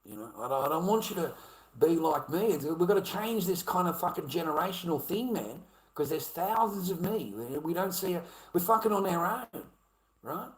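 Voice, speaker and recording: A man's voice: high voice, lively intonation, moderate pace. A middle-aged man with an Australian accent ranting bluntly at his live chat, swearing heavily and repeating himself. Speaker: livestreamer.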